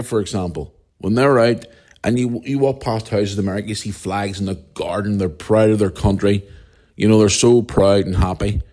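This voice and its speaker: A man's voice: low-pitched, darkish tone. A man with a Northern Irish accent hosting a podcast alone, ranting angrily and bluntly with heavy swearing. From Northern Ireland. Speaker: podcast host. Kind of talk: solo podcast rant.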